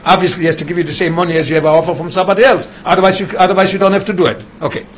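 High-voiced man teaching. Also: steady tone, racing, slight background noise. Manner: mixes English with Yiddish and Hebrew terms, explains with examples. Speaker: Torah teacher. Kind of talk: classroom Torah lesson.

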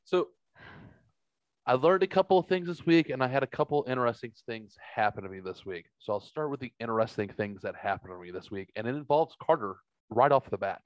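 A man's voice: mid-range voice, animated, fairly quick, no room sound, highs cut off. A man in his forties telling a rambling, profane story in casual chat, acting out the other people's voices. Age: 40s.

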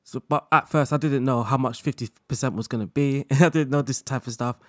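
A man speaking as a guest in a casual interview chat, relaxed, laughing often and talking in loose run-on sentences full of fillers. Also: mid-range voice, brisk, no echo, studio quality. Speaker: guest content creator.

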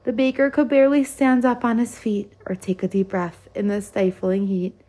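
A woman's voice: medium pitch, level tone, moderate pace, dark tone. A woman reading a rhyming children's picture book aloud in a lilting rhythm. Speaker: storyteller.

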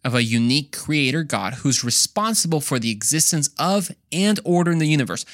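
A man's voice: mid-range voice, a bit bright, dry recording, studio quality. A young man hosting a Christian podcast, talking casually with jokey, slangy asides. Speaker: podcast host.

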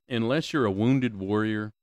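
A man's voice: on the low side, animated, takes it slowly, vocal fry, darkish tone, no echo. A man hosting a solo podcast, ranting with lots of swearing, repeated questions and stammering restarts, on a close mic. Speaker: podcast host.

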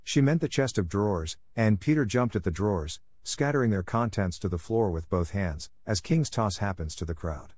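A man reads a classic children's story aloud in a measured, even way. His voice sits on the low side, and the recording is dry and close, with no room sound. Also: dry recording. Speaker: narrator. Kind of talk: scripted storybook narration.

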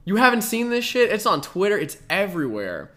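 A man's voice: sits high, sing-song, fairly quick, fairly bright tone, a little hiss or hum. A young man co-hosting a podcast, rambling and laughing through loose, profane stories in casual chat. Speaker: podcast co-host.

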